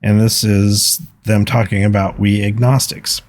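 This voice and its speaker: A man's voice: lowish voice, little pitch movement, a little slow, hardly any pauses, a little mellow. A man hosting a podcast alone, speaking in an earnest, reflective way as he reads out listener comments. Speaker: podcast host. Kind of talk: solo podcast talk, reading listener comments.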